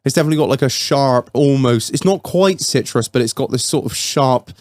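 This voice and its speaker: A man's voice: mid-range voice, brisk, a little mellow, no echo, clean studio sound. A man hosting a podcast, chatting casually and rambling as he reviews a beer, swearing often. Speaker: podcast host.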